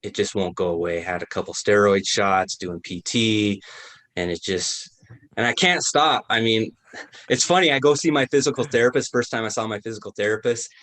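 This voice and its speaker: Easygoing man with a low voice. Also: moderate pace, fairly bright tone. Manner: easygoing storytelling, self-deprecating. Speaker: podcast guest. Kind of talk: casual chat.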